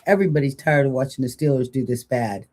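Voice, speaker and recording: An older woman co-hosts a casual live chat, talkative and joking as she rambles into long stories. Her voice rumbles low with a dark tone, and she talks fast.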